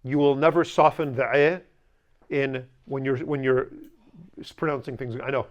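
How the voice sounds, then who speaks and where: A man's voice: mid-range voice, fairly even intonation, moderate pace. A man teaching a language class, stressing points emphatically, drilling pronunciation with students and slipping in dry jokes. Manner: dry humorous asides.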